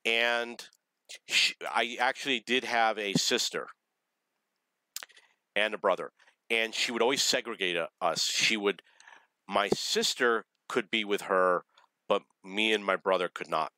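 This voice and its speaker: An adult man earnestly telling a personal story in a halting monologue, with many pauses and restarts. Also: on the low side, bright, forceful tone, no room sound, rough recording. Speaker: vlogger.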